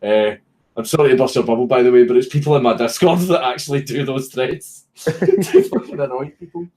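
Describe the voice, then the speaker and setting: A man's voice: mid-range voice, lively intonation, brisk, dark tone, rough recording. Scottish man, live streamer, sweary, jokey, casual chat at home. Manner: sweary, laughing, joking, distracted by a puppy.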